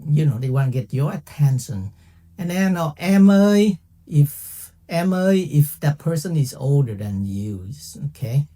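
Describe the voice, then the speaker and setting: A man's voice: mid-range voice, animated, moderate pace, warm tone, breathy edge. A man teaching a casual language lesson, chatty and playful, often checking in with "okay?". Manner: playful, laughs at own jokes.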